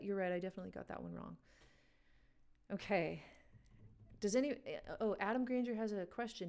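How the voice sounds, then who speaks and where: A woman's voice: medium pitch, a little fast, vocal fry, pauses often, a little mellow. A woman hosting a live music quiz game, chatting casually with viewers and laughing often. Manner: chatty, laughing, talks to chat. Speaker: livestream game host. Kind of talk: casual livestream chat.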